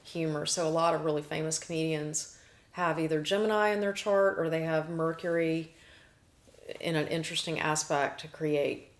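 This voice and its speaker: A woman with a somewhat low voice talks through her subject in a loose, chatty way. She explains in lists and often restarts a sentence midway. She sounds like a show host chatting with a guest. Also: normal speed. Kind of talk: casual explanatory chat.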